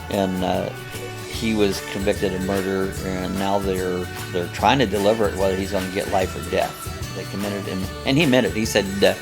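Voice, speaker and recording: A man's voice: low voice, vocal fry. An older man hosting a casual live chat, rambling and chuckling as he reads viewer comments aloud. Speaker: host of a live coffee chat.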